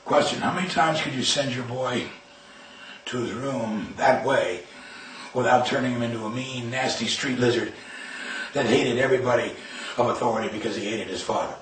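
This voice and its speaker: Older male speaker, emphatic storyteller, mid-pitched, miked from afar in an echoey room with faint hiss. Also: moderate pace, fairly bright tone. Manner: anecdotal, emphatic, acts out quoted lines. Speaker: speaker on discipline and verbal judo. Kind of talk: storytelling talk. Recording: far from mic in a roomy space with faint noise.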